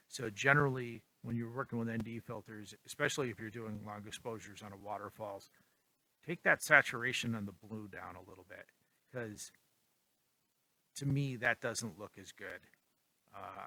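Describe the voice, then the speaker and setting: Bright-voiced man rambling through a photo tutorial. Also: on the low side. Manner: relaxed, rambling, many ums and likes. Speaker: photography vlogger. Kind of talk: casual tutorial talk.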